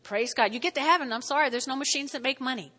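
High bright New Jersey woman preaching. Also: quick pace, big-room sound. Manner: energetic preaching with call-and-response checks. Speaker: pastor. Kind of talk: sermon. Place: church sanctuary.

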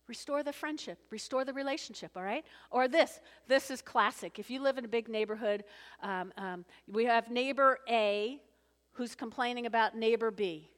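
A woman pastor delivers an animated sermon, her fairly high voice jumping between storytelling and playful asides to the congregation. She acts out the people in her story as she goes. The sound carries a long reverb from the church hall. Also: moderate pace.

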